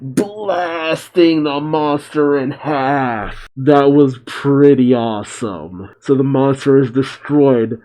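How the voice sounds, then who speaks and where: Mellow-voiced man reading a comic aloud. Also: mid-range voice, slow, hardly any pauses, low-quality recording. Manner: narrates the action, reacting with short asides. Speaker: comic reaction host. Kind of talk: casual comic read-through.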